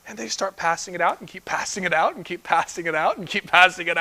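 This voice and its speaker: A young man preaching a sermon as pastor, animated and often laughing as he acts out the disciples' voices. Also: sits high, fast.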